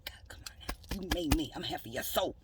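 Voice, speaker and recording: A woman giving a rambling religious monologue, drifting between soft whispers and loud scolding, slowly reading definitions aloud. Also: low voice, expressive, distant mic, background noise. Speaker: self-styled prophet vlogger.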